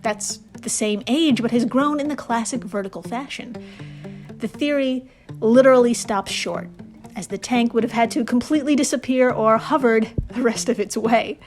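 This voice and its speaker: New lady podcast host, kinda high voice, swears a lot and laughs at her own jokes. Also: moderate pace, darkish tone, faint music behind. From New York. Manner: chatty, swears freely, laughs at own asides. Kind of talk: casual storytelling podcast.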